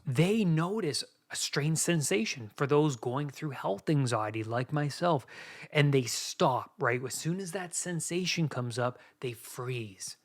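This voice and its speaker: A man hosting a solo podcast, talking earnestly straight to his listeners like a coach, shifting from soft near-whispers to emphatic bursts. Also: fairly high pitch, lively intonation, unhurried. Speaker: podcast host.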